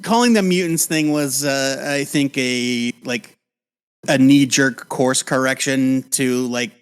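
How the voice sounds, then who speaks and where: A man's voice: mid-range voice, takes it slowly, clear, resonant tone. A man co-hosting a casual podcast chat, who often restarts his sentences and trails off while he thinks. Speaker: podcast co-host.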